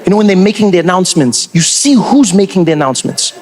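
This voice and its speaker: A man with a South African accent performing a lively stand-up comedy routine and acting out other people's voices. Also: high voice, fast talker, slight background noise.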